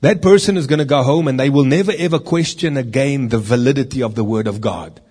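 A man's voice: medium pitch, quick pace, a little mellow, slightly rough. A man preaching a sermon in a conversational way, with rhetorical questions and stories from his meetings.

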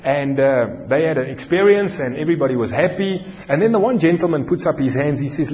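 A male pastor with a South African accent preaching a sermon, telling a story in an animated way and slowing down for emphasis. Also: a little high. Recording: long hall reverb.

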